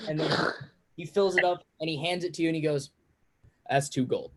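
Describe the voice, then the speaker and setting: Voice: mid-range voice, level tone. Casual tabletop game master narrating. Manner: casual storytelling with quick asides.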